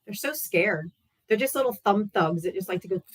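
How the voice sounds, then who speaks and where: A woman's voice: medium pitch, animated, moderate pace, slightly rough. A woman hosting a live political debate stream, ranting in a casual, profane, sarcastic and heated way. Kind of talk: casual livestream rant.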